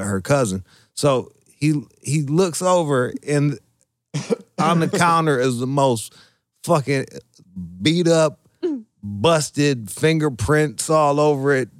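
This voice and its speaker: A man's voice: mid-range voice, dry recording, studio quality. A man telling a crude story in casual chat, profane and rambling, full of fillers and restarts. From Michigan. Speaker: storyteller guest.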